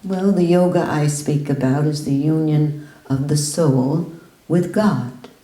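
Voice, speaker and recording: A woman's voice: deep voice, slow, warm tone, reverberant, far from the mic, poor audio. A woman voicing an earnest male visitor who replies politely to a teacher's challenges. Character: earnest male visitor defending his view.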